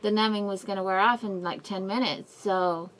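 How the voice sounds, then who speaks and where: A woman's voice: medium pitch, fairly even intonation, normal speed, fairly bright tone. A woman vlogging a personal update, rambling and apologetic, in pain and near tears. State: in mouth pain, crying at times. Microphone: camera mic, wearing a face mask.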